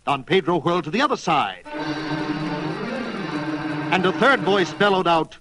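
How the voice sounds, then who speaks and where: A man's voice: high voice, big pitch swings, unhurried, over music, rough recording. A man narrating a children's storybook in a playful, dramatic read-aloud manner.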